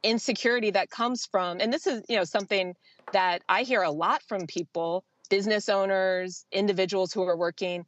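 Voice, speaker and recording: A woman in her thirties, an economist guest, explaining her view in a measured, thoughtful way. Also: mid-range voice, fairly even intonation, lo-fi sound. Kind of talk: talk show interview.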